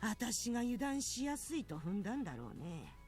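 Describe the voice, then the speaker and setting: In Japanese visual novel voice acting, a woman plays a stern, knowing elderly grandmother who explains things gravely. Her fairly high, darkish voice is very animated and very fast, with soft music in the background.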